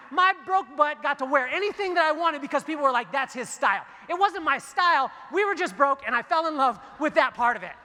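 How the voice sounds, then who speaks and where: A man giving a motivational keynote in a large hall, telling stories in a lively, joking way and acting out the dialogue. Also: very high voice, brisk, hardly any pauses, slight background noise. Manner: animated, jokey storytelling with acted-out dialogue. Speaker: keynote speaker. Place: large hall before a big audience. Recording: long hall reverb.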